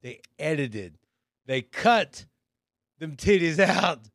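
A man guesting on a casual comedy podcast, telling animated stories. His pitch swings widely as he tells them. The sound is dry and close. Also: takes it slowly, no room sound. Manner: animated storytelling with quoted voices.

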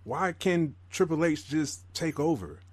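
A man's voice: a little high, expressive, a little slow, dry recording. A man co-hosting a podcast, chiming in casually with short remarks and corrections. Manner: chimes in with short agreements and corrections. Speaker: podcast co-host. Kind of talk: casual chat.

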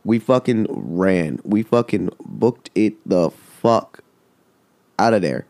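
A man's voice: lowish voice, lively intonation, slow, darkish tone, no echo. A man casually telling a story, rambling and swearing, with lots of "like". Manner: rambling, profane, full of "like".

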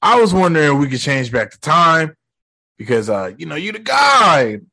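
A man's voice: fairly high pitch, very animated, moderate pace, pushed and bright, full character voice. A man voicing a young male hero who pleads in slangy, urgent words. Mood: pleading.

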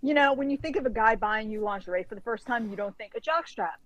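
A woman telling a casual story as a guest, lively and acting out the dialogue, leaning on "like" as a filler. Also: fairly high pitch, fast, muffled recording, background noise. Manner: lively storyteller who acts out quoted dialogue; frequent filler "like". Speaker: guest author.

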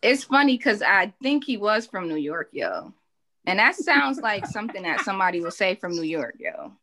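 A woman's voice: mid-range voice, sing-song, moderate pace, pushed and bright. A woman co-hosting a podcast, telling a funny story with lots of laughter. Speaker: podcast co-host. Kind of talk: casual storytelling chat.

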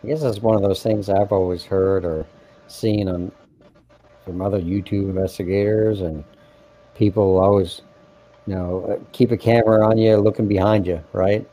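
Low-voiced man chatting casually. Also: fairly even intonation, normal speed, warm tone, rough recording. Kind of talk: casual interview chat.

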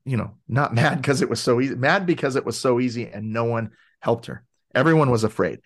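Animated man telling a personal story. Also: mid-range voice, brisk. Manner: animated, acts out quoted voices. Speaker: podcast guest, wellness advocate. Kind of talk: casual storytelling interview.

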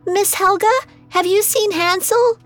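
Woman voicing a small girl in a storybook, pitched high, calling out. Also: measured pace, soft background music. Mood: worried calling. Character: young girl calling anxiously for her brother.

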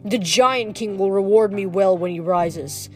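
A woman voicing a menacing male werewolf king, speaking with a low, snarling menace in a read-aloud story. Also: measured pace, darkish tone, faint music behind, close to an everyday voice.

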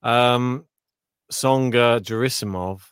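A man's voice: medium pitch, takes it slowly, a bit bright, clean tone, dry recording, clean studio sound. A man co-hosting a podcast in casual, slangy banter, teasing his partner. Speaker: podcast co-host. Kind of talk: casual chat.

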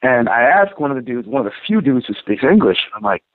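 A man's voice: mid-range voice, sing-song, fairly quick, no room sound. Profane man telling a story over a tinny line. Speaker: podcast co-host. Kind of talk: casual storytelling. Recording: tinny phone-like dry sound.

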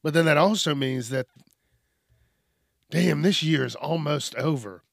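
A man hosting a casual solo news podcast, telling stories in a profane, animated way. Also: on the high side, a little slow, creaky, no room sound, studio quality. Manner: profane, animated storytelling with rants. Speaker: podcast host.

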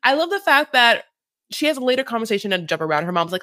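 A man's voice: extremely high pitch, animated, fast talker, bright, forceful tone, no room sound, clean studio sound. A man co-hosting a podcast, recapping reality TV in a campy, sassy, gossipy way. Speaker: podcast co-host. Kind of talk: casual reality TV recap chat.

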